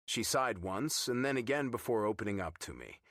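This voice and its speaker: Male audiobook reader, wry and teasing, low voice with a lively lilt. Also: normal speed, dry recording, clean studio sound. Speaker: audiobook narrator. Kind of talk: scripted first-person narration.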